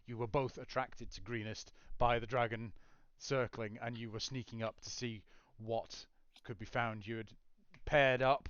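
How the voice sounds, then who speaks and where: A man's voice: medium pitch, fairly even intonation, unhurried, a bit bright, dry recording, lo-fi sound. A man acting as game master, narrating a tabletop game with descriptive, scene-setting narration.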